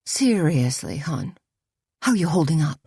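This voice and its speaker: A woman's voice: low-pitched, big pitch swings, unhurried, gravelly, warm tone, slightly rough, dry recording, studio quality, full character voice. A woman voicing Brett, a giddy male hairdresser who coos and gushes. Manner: cooing, giddy. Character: gushing, giddy man hairdresser.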